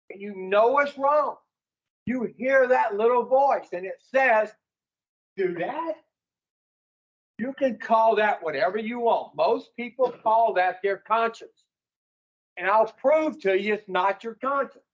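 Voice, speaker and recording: A man's voice: high-pitched, lo-fi sound. A man speaking to an addiction recovery group in a folksy, preaching way, putting rhetorical questions to his listeners.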